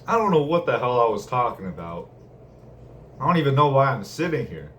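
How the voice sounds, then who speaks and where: A man's voice: medium pitch, big pitch swings, a little fast, fairly bright tone. A young man rambling casually with lots of slang and laughter while telling a story from his day. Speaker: vlogger. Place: room at home. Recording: distant mic, faint room noise.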